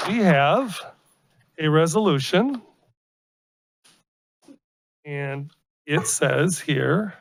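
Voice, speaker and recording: A man's voice: fairly high pitch, gravelly, no room sound. An American man presiding over a city council meeting, speaking informally as he hands out an award.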